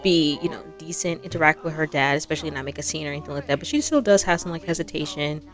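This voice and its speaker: A woman's voice: sits low, animated, fast talker, faint music behind. A young woman hosting a game let's play, chatting casually and laughing as she talks to the characters.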